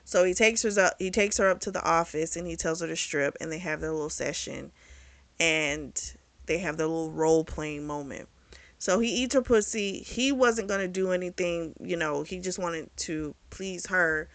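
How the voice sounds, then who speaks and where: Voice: medium pitch, normal speed, a bit bright, no room sound. A book reviewer casually retelling a novel's plot in a candid, profane, chatty way.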